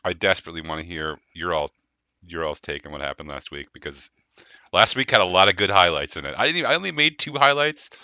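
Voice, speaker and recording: A man with a low but intensely bright, forceful voice leads a live tabletop game session. He talks in animated, rambling bursts, restarting phrases and laughing often. The sound is close and dry. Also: fast, no room sound. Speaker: game master. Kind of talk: casual chat hosting a live tabletop game stream.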